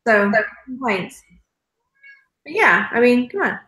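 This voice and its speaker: A chatty woman talks casually as a co-host, self-deprecating and easygoing. Her voice sits a little high. There is a clear echo from the room. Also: sing-song, unhurried, pushed and bright. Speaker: podcast co-host. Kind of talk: casual chat.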